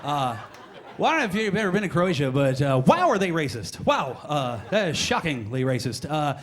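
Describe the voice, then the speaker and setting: A man's voice: a little high, sing-song, normal speed. A young adult man doing a stand-up comedy set in a comedy club, rambling through stories with exasperated asides.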